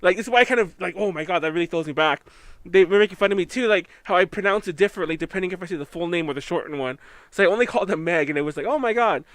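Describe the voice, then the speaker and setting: A man's voice: high-pitched, racing, a bit bright, no echo. Rambling Californian podcast host, a man. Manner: rambling, with many fillers and self-corrections. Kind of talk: casual chat.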